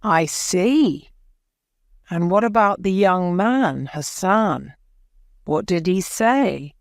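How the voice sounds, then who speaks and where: A woman's voice: lowish voice, expressive, takes it slowly, no echo, studio quality, voice pushed up. A woman voicing a male defence lawyer who questions a witness firmly. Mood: probing. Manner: firm, probing questions.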